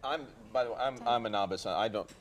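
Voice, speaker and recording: A man anchoring a morning news show, reading viewer comments and steering the chat briskly in a studio. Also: lowish voice. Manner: brisk, moves things along.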